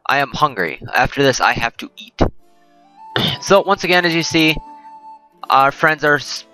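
A man's voice: fairly high pitch, unhurried, bright, forceful tone, faint music behind, rough recording. A man hosting a let's play, giving rambling, jokey gameplay commentary and often correcting himself.

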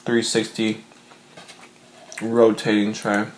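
A man's voice: on the low side, completely flat delivery, takes it slowly, slight background noise. A young man vlogging from his bedroom, chatting to his viewers in an emotional, rambling way with lots of fillers. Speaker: mukbang vlogger. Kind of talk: casual chat to camera.

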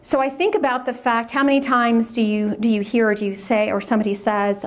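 A woman's voice: fairly high pitch, level tone, brisk, hardly any pauses. A woman speaking at a religious conference, reading diary passages aloud and commenting on them in an earnest way, repeating words when she is moved.

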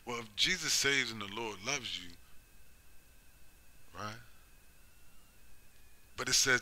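A man preaching about prophecy in a rhetorical, emphatic way, who keeps asking "right?" and "you see?" and slows down to stress scripture. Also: lowish voice, animated, pushed and bright, slightly rough. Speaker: religious commentator.

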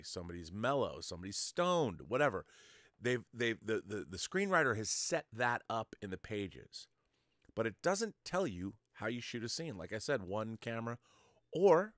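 This online show host talks about film-making, lecturing conversationally and directly to his viewers with examples along the way. His voice sits on the low side and is a bit bright, and the recording is echo-free and studio quality.

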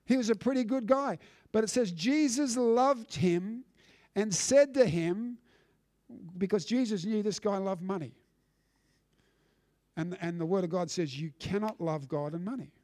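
High-voiced man preaching a sermon. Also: measured pace, pauses often, a little mellow, no room sound, studio quality. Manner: emphatic preaching with repeated restarts. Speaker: pastor. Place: church.

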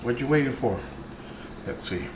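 Male cooking vlog host, relaxed and chatty, mid pitch, recorded in an echoey home kitchen with noise. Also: normal speed. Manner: relaxed, chatty, talks while eating.

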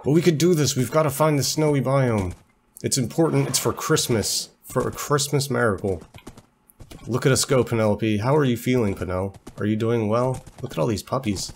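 A man's voice: mid-range voice, normal speed, a little hiss or hum. A young man casually commentating a game he is playing, chatty and jokey, talking to his horse and easily startled, while feeling a bit unwell. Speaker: let's play host.

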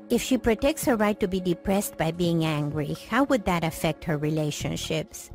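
A woman giving calm, explanatory scripted narration for a documentary. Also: fairly low pitch.

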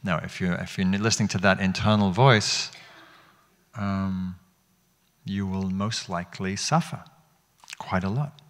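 A man's voice: deep voice, unhurried, pauses often. A man teaching meditation to an audience in a hall, speaking reflectively and asking them questions, often restarting his phrases. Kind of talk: dharma talk.

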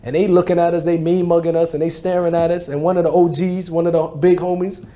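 A man's voice: a little high, little pitch movement, fast, dark tone. A man in his forties from New Jersey telling his life story in a casual, slangy way, often restarting and adding "you know what I mean.". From New Jersey, USA. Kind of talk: personal storytelling talk.

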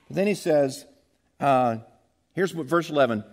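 Animated preaching man, wide-ranging voice. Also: moderate pace. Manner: animated, acts out quotes with big pitch jumps, has congregation repeat lines. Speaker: pastor. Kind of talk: sermon.

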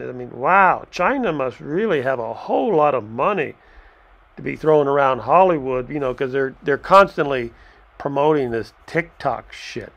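A man's voice: on the high side, gravelly, fairly bright tone, muffled recording. A man giving a casual, rambling movie review from home, chuckling often and wandering into asides. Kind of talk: casual video review commentary.

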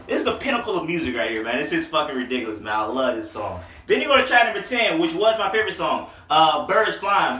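A man's voice: a little high, expressive, a little fast, hardly any pauses, pushed and bright. A young man casually reviewing a mixtape in a rambling, profane, joking way. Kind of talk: casual comedic music review. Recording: echoey room, mic at a distance.

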